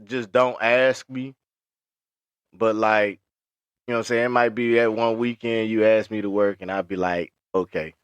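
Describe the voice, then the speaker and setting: A young adult man co-hosting a podcast in casual chat, telling stories, often laughing and jumping up high to quote other people. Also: moderate pace, clear, resonant tone, no room sound, lo-fi sound. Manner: animated storyteller, acts out high-pitched quotes, laughs often. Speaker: podcast co-host.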